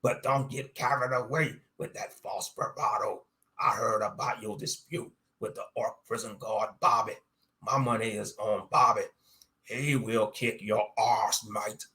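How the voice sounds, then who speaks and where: A man's voice: fairly low pitch, fairly even intonation, unhurried, sharp tone. A man voicing a boastful, murderous male pirate captain who taunts in sea-dog slang and chuckles as he talks.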